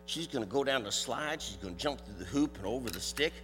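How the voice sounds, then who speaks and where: An older man with a Southern US drawl preaches in a folksy, loud, animated way. His voice is bright and forceful. It rings through a hall with a long echo, and faint music sits underneath. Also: medium pitch, a little fast. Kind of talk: sermon with a live dog demonstration.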